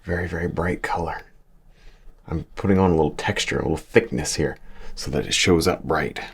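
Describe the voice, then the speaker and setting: A man's voice: a bass voice, a little fast, husky. A man teaching a painting lesson, chatting and encouraging as he works, chuckling often. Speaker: painting instructor. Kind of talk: relaxed painting tutorial.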